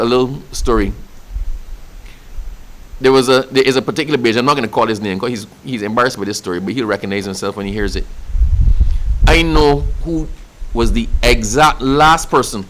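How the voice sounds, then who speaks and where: Barbadian guy at a press conference, fired up and proud, repeats his points hard, average pitch. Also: poor audio. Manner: passionate, building to proud emphatic declarations.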